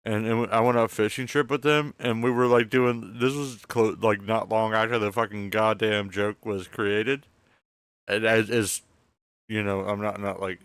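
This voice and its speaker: A man's voice: on the low side, steady tone, moderate pace, fairly bright tone, clean tone, no echo. A man hosting a casual late-night podcast from home, rambling and stammering, swearing a lot as he tells a story. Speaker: podcast host. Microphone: close mic.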